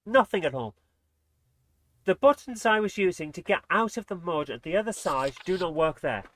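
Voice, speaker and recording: A man's voice: high-pitched, expressive, normal speed, a bit bright, dry recording. A man commentating casually on his gameplay as a let's play host, exasperated and muttering under his breath.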